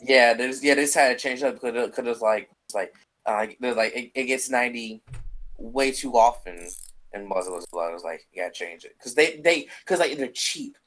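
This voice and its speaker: A man's voice: medium pitch, normal speed, a bit bright, rough recording. A young man co-hosting a podcast, telling work stories in a loose, rambling way, repeating himself and swearing casually. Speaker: podcast co-host. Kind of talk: casual chat.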